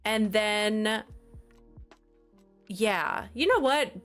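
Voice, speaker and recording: A woman's voice: mid-range voice, animated, drawn-out words, a bit bright, soft background music. A woman streamer chatting casually on a livestream, flustered, exasperated and apologetic.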